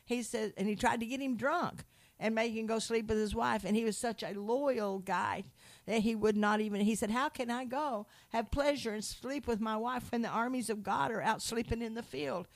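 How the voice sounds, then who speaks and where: A woman in a Christian conversation, teaching from the Bible with animated storytelling and acted-out quotes. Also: on the high side, moderate pace, creaky. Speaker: Christian speaker.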